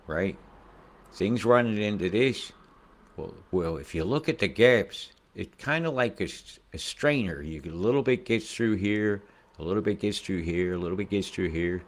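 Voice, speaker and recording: A man giving casual weather commentary over satellite images, rambling, profane and conspiratorial. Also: deep voice.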